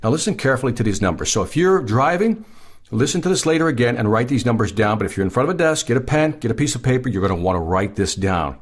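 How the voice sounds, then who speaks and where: Emphatic husky-voiced man podcasting. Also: medium pitch, big pitch swings, fast. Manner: emphatic, repeats key points. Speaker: podcast host. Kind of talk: sales advice podcast monologue.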